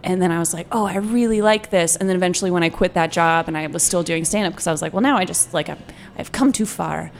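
A young woman chatting loosely as an interview guest, her talk scattered with fillers and quick laughs. She sounds at ease, telling stories with a medium-pitched voice, and a faint hiss sits under the recording. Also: gravelly. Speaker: guest comedian. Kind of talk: casual interview chat.

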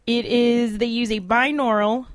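A young woman co-hosting a casual podcast in an apartment, easygoing and giggly, a bit halting. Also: a little high, fairly even intonation, no echo. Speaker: podcast co-host. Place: small apartment.

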